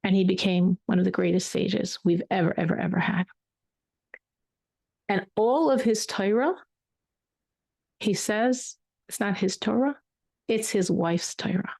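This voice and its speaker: A woman's voice: medium pitch, unhurried, gravelly, pauses often, darkish tone, husky, no echo, studio quality. A woman teaching a Torah class, telling a story with emphatic repetition. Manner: emphatic, repeats words for weight.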